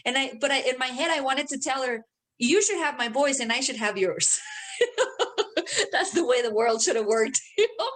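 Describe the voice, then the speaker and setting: A woman's voice: sits high, brisk. Profane, laughing woman podcast co-host. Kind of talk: casual chat.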